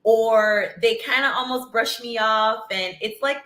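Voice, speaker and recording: Female guest, bright and animated, roomy echo. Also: a little high, normal speed, hardly any pauses. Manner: animated, acts out dialogue. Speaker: panel guest. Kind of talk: casual panel talk.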